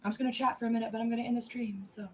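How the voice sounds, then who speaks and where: A woman's voice: fairly high pitch, fairly even intonation, very fast, far from the mic, slight background noise. A woman casually chatting on a livestream, rambling, blunt and swearing freely. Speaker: livestream host.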